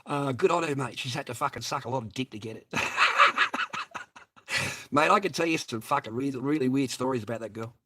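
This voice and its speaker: Australian man, husky voice, blunt, foul-mouthed, rambling livestream chat. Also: medium pitch, fast, few pauses, a bit bright. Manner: swears heavily, laughs often, blunt.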